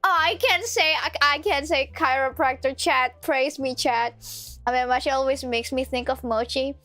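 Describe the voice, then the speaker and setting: A woman's voice: high-pitched, normal speed, bright, forceful tone, dry recording. A woman streamer chatting casually while playing a game, playful and giggly, often stumbling over her words.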